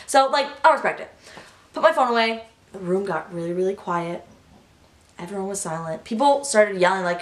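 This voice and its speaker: A young woman telling a story in a casual vlog, gushing and excitable, full of "like". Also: a little high, moderate pace. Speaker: vlogger. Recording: echoey room.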